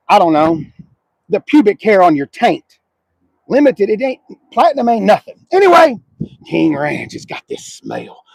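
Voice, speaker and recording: A high-pitched, gravelly middle-aged man with a drawl, reviewing cars on an outdoor lot. He jokes and swears loudly, mocking what he finds. His voice is husky, and the sound is dry and close. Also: no room sound, poor audio. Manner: profane, mocking, loud joking rants. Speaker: car reviewer host. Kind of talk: casual walkaround car review.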